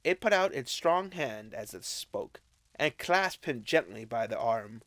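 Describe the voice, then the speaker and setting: A man narrating a classic novel as an audiobook, with expressive, unhurried storytelling. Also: mid-range voice, no echo. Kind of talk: scripted narration.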